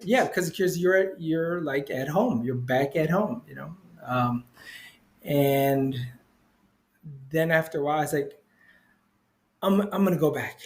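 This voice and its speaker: A middle-aged man who works as a spiritual healer tells his story as an interview guest, speaking at a measured pace in a darkish voice. He rambles casually with plenty of "you know" fillers and acts out quoted voices with big jumps in pitch.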